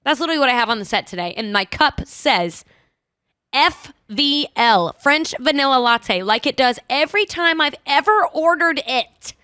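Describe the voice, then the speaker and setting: A woman's voice: high-pitched, animated, moderate pace, pushed and bright, dry recording, studio quality. A young woman hosting a podcast, chatty and self-mocking. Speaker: podcast host. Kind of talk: casual chat.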